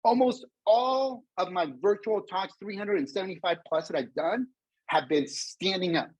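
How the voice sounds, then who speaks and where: A man's voice: high-pitched, normal speed, husky, no echo, low-quality recording. A man presenting a career webinar over a video call, standing up, talking energetically to the audience and acting out bits of dialogue. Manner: energetic, addresses the audience as folks, acts out dialogue; speaks standing up. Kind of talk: motivational webinar talk. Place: indoors, a vacation spot.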